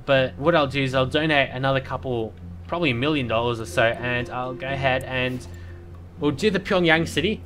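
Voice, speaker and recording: Chatty man commentating gameplay over music. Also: medium pitch. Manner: chatty, rambling, with many fillers and restarts. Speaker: let's play commentator.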